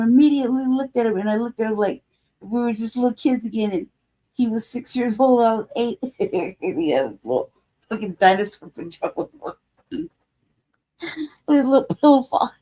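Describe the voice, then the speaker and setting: A woman's voice: on the high side, lively intonation, normal speed, mellow. A woman in her forties hosting a casual livestream, telling a rambling story full of laughter and profanity. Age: 40s. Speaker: livestream show host.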